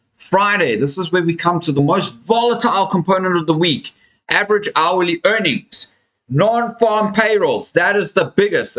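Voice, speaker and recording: A tired crypto livestream host yawns while chatting casually with viewers as if they were friends, stretching out words for emphasis. His fairly high voice sounds pushed and bright. The rough recording comes from a home room with a fan running.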